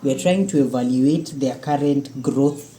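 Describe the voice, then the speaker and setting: A parent, talking casually and earnestly about family rules at length. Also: female voice, a bass voice, moderate pace, mellow, a little hiss or hum. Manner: explains at length, firm and earnest. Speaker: parent co-hosting a family channel. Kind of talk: casual chat.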